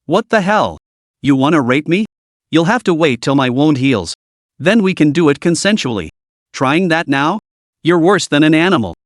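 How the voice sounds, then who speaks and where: Cheeky mouthy girl soldier, read by a guy narrator, lively up-and-down voice, dry sound. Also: low-pitched, moderate pace, no echo. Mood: indignant. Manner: cheeky, crude banter. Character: brash, teasing young female soldier.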